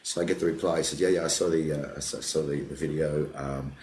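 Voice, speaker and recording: A man's voice: a bass voice, steady tone, fast, darkish tone, a little hiss or hum. A man, a comedian, telling rambling anecdotes in a casual chat and slipping into quoted voices. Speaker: comedian guest. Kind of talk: casual podcast chat, storytelling. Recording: roomy echo, faint background ambience.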